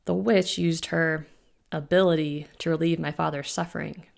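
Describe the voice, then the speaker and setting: A woman reading an audiobook voices a young male werewolf who rumbles his words with a wry edge. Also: fairly even intonation, normal speed, gravelly.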